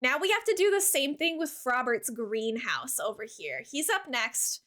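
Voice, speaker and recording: A woman streaming a cozy game, chatting in a bubbly, giggly way and gushing warmly at her chat, with lots of "like" fillers. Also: high-pitched, sing-song, normal speed. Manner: warm toward chat, gushing. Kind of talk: casual live-stream chat while gaming.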